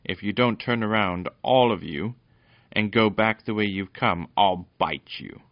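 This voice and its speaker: A man reading a storybook aloud, voicing a big, gruff goblin dog that growls and blusters. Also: fairly low pitch, expressive, measured pace, dull audio. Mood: angry.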